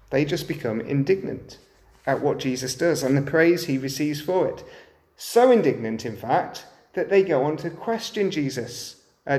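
A man's voice: a little high, a little mellow, reverberant. A man preaching a sermon, often turning to the listeners with rhetorical questions.

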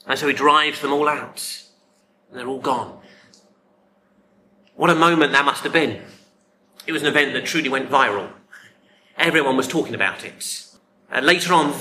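A man preaching a sermon, emphatic, with dramatic pauses and repeated words. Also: fairly high pitch, pushed and bright, a little hiss or hum.

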